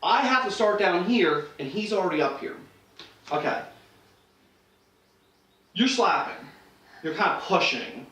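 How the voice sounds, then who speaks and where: A man's voice: sits high, animated, measured pace, long pauses, a bit bright. A man instructing self-defense, talking casually with frequent restarts and acted-out lines while demonstrating. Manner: casual, conversational, many restarts and acted-out quotes. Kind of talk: demonstration lesson. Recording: roomy echo, mic far off.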